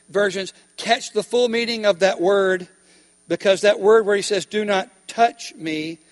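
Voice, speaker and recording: Man, high voice, preaching a sermon, emphatic, asks the congregation questions, reverberant hall.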